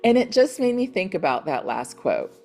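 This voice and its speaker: A middle-aged woman hosting a motivational real estate team call, chatty and encouraging, retelling conversations with lively quoted voices. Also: on the low side, normal speed, faint music behind.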